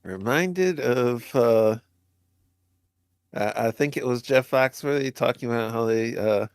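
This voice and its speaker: A man's voice: mid-range voice, measured pace, clean tone, no room sound, studio quality. A man in casual podcast chat, recalling a story in a rambling, hesitant way.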